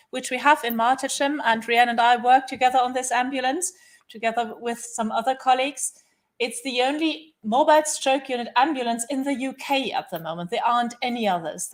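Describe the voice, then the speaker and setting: A woman neurologist with a German accent, giving a training lecture in a study centre room and stressing points by repeating words. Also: fairly high pitch. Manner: emphatic, repeats "very, very".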